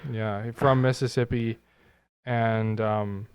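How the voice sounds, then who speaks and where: A man's voice: on the low side, steady tone, takes it slowly, clear, resonant tone, no echo. A young man co-hosting a podcast in casual chat, earnest and a little argumentative. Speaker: podcast co-host.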